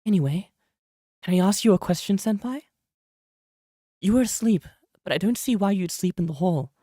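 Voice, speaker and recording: A man's voice: high-pitched, animated, moderate pace, warm tone, no room sound, clean studio sound, voice pushed up. A man putting on a shy, earnest young woman's voice with a put-on British accent while reading game dialogue aloud. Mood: earnest, polite. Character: shy polite young woman, a kind junior.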